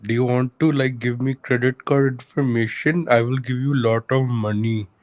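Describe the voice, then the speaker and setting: A man's voice: medium pitch, fairly even intonation, moderate pace, natural voice. A man putting on an Indian accent to play a pushy scam caller who calls himself a hacker and insists over and over. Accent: put-on Indian accent.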